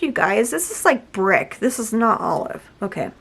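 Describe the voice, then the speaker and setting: A woman hosting an unboxing video, chatting casually and gushing with loud exclamations as she tries a paint product. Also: medium pitch, lively intonation, unhurried. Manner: gushing, exclaims often and addresses viewers as "you guys". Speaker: unboxing and product review host. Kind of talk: excited casual unboxing chat.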